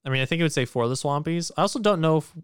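A man's voice: a little high, very fast, clean tone, dry recording, clean studio sound. A man co-hosting a podcast in casual chat, joking and profane. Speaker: podcast co-host.

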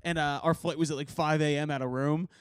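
Male podcast host, rambling storyteller with a high voice, dry close mic. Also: steady tone, fast talker, smooth, no room sound. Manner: rambling storyteller, laughs often, swears. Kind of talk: casual podcast chat. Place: rehearsal studio.

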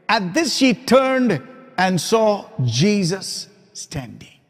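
A man preaching with a high, bright voice that rings out in a hall with a long reverb. He builds his points through repetition and lowers his voice almost to a whisper for quiet moments. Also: sing-song, slow. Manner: emphatic preaching, dropping to soft whispers for quoted lines. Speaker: pastor. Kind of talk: sermon.

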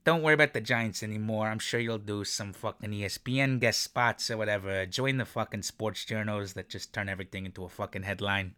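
A man's voice: lowish voice, fairly even intonation, a little fast, hardly any pauses, pushed and bright, smooth. A man ranting emotionally about his football team, swearing often and mixing sarcasm with affection. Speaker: sports commentator. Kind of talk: profane sports rant.

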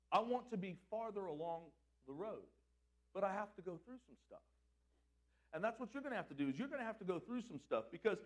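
A pastor preaching with a high, tenor-like voice that leaps around in pitch. He punches his big lines hard, then drops low and soft when he turns to prayer. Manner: preaching with big swings between loud emphasis and quiet prayer. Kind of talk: sermon.

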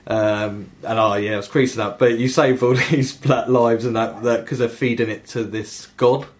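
A young man hosting a casual gaming podcast, telling stories in an animated way, swearing and laughing often. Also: mid-range voice, moderate pace. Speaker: podcast host. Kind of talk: casual podcast chat about video games.

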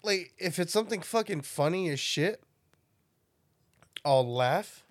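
A man in his thirties who tells animated, laughing stories and swears freely in casual chat. His voice sits a little higher than most men's. The sound is close and dry. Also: measured pace, no echo. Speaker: podcast co-host.

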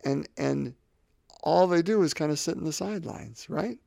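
A man's voice: on the high side, normal speed, vocal fry, mellow, dry recording, studio quality. A man in his fifties hosting a faith podcast, talking reflectively and often repeating words as he gathers his thoughts. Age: 50s. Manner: rambling, repeats words while thinking. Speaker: podcast host.

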